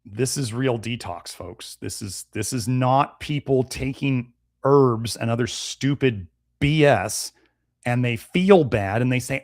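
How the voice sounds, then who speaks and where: A man hosting a nutrition live stream, answering viewer comments in a blunt, conversational and animated way. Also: mid-range voice, unhurried, no room sound, clean studio sound. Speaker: nutrition show host.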